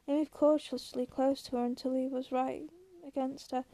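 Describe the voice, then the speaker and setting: Woman narrator, calm and measured, high mellow voice. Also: no echo. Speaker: audiobook reader. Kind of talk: reading a novel aloud.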